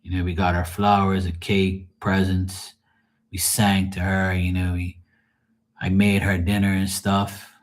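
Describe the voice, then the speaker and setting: A man's voice: deep voice, completely flat delivery, a little slow. A middle-aged man talking casually and frankly to his live viewers, grieving, rambling and swearing freely. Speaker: livestream host.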